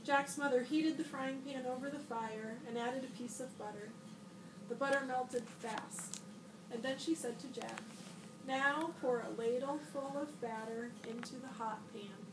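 A school librarian, a woman, reading a picture book aloud to children with lively, expressive delivery and bright shouted lines for the boy. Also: high-pitched, measured pace. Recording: echoey room, voice a bit far from the mic, audible noise.

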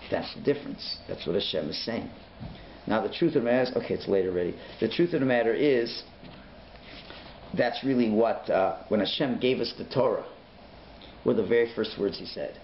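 A man teaching a Torah class as a rabbi, animated and dramatic, acting out voices, swinging from hushed whispers to sudden shouts. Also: lowish voice, fairly quick. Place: synagogue learning centre classroom. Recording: echoey room, dull lo-fi sound, faint hiss.

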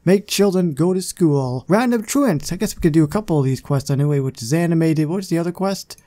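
A man's voice: a little high, animated, fairly quick, warm tone. A man hosting a gaming channel, giving casual gameplay commentary in a chatty, self-deprecating way with muttered asides.

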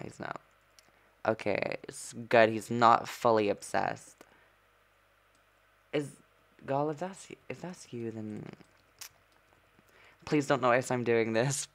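A man's voice: mid-range voice, vocal fry, fairly bright tone. A man giving sassy, chatty gameplay commentary as a streamer, breaking into sudden squeals of surprise. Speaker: gaming streamer.

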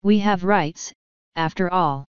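A woman's voice: on the low side, slow pace, clean tone, dry recording. Woman doing a snooty icy older lady, bossy, bit muffled audio. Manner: icy, imperious. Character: haughty upper-class older woman, the colonel's wife. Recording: dull lo-fi sound.

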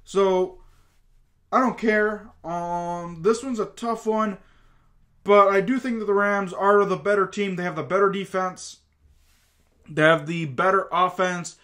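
A man's voice: sits high, steady tone, unhurried, pushed and bright. A man hosting his own channel, giving football playoff predictions in a rambling, chatty way full of fillers and asides. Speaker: channel host. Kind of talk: casual sports prediction talk.

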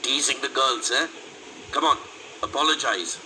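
A bossy schoolboy ringleader in a storybook, bright and demanding, read by a man. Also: mid-range voice, moderate pace, slight background noise, low-quality recording. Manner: bullying, demanding. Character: bossy schoolboy gang leader.

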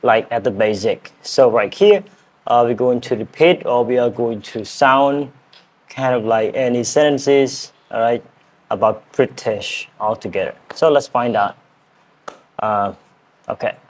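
A man's voice: medium pitch, a little slow. A man whose first language is Khmer practices words over and over, laughing at his own attempts as he hosts an English lesson. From Cambodia. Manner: repeats words again and again, laughing at himself. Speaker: English teacher and channel host. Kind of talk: casual accent practice lesson.

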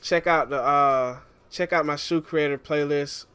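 A man casually walking viewers through a game tutorial, relaxed and chatty, often calling the listener "man". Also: on the high side, measured pace, smooth. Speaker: gaming YouTuber.

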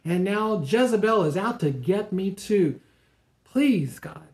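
A pastor acting out a despairing worn-out prophet. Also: male voice, sits high, lively intonation, takes it slowly, a little mellow, echoey room, full character voice. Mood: agitated pleading. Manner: pleading, agitated, self-pitying outbursts. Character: despairing prophet Elijah, worn-out man venting to God.

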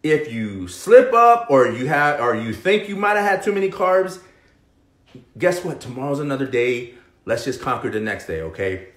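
A man's voice: mid-range voice, normal speed, echoey room. A man hosting a fitness live stream, giving a motivational pep talk and checking in with "okay?" between points. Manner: pep-talk, keeps asking "okay?" and "right?"; animated, swings between loud and hushed.

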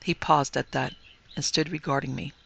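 A man reading a classic ghost story aloud as a podcast host, in a measured, firm storytelling delivery. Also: mid-range voice, fairly even intonation, creaky, fairly bright tone, breathy edge. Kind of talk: scripted narration of a ghost story.

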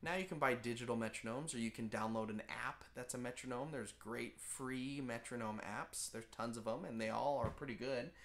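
A man's voice: mid-range voice, moderate pace, few pauses, a bit bright. Male music teacher, patient and plain-spoken, casual beginner lesson. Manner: patient, explains simply with fillers. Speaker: band teacher.

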